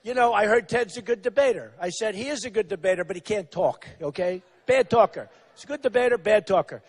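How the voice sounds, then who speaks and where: A man's voice: high voice, a little fast. A man in his sixties giving a rambling, repetitive campaign rally speech, acting out quotes of others in a mocking tone. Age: 60s. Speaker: political candidate.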